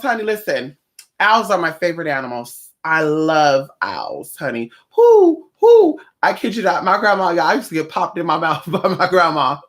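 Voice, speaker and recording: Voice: medium pitch, a bit bright. Sassy, chatty livestream host. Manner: sassy, chatty, swears often, calls viewers honey. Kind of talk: casual livestream chat with viewers.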